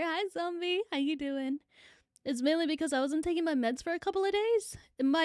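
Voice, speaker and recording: A woman's voice: high-pitched, no echo, clean studio sound. A young woman, chatting casually on a livestream and answering viewer comments in a rambling way. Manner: chatty, rambling, repeats phrases, swears casually. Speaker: VTuber streamer.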